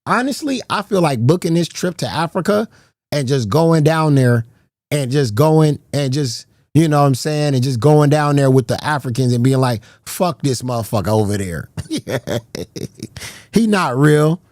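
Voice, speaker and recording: Lively, profane man streaming. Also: a little high, unhurried, no room sound, studio quality. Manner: animated, profane, rambling with restarts. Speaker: livestream host. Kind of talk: casual livestream chat.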